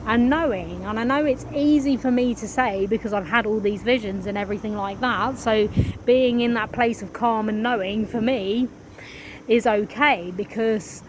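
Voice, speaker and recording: A woman talks through spiritual ideas in a slow, drawn-out, earnest way, with the odd curse word slipping in. Her voice sits a little high and she takes her time over every phrase. Crickets, insects and passing cars hum clearly in the background. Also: darkish tone, poor audio. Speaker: spiritual vlogger. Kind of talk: casual spiritual monologue.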